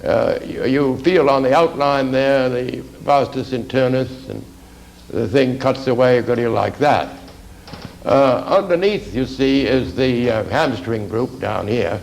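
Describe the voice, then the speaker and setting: Male anatomy instructor at the board, gravelly and halting, peppers talk with "you see", faint hum behind. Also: medium pitch, a little mellow, poor audio. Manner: dry asides to the class. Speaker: art anatomy lecturer. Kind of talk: classroom lecture while drawing.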